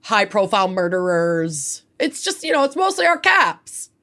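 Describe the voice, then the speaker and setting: A woman's voice: mid-range voice, very animated, normal speed, a bit bright. A woman from Minnesota co-hosting a true crime podcast, talking bluntly with lots of swearing. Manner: profane, blunt and emphatic. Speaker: podcast co-host. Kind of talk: casual chat.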